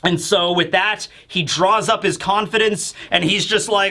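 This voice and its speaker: Man, casual manga review, animated, high bright voice. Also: unhurried. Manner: animated, acts out characters.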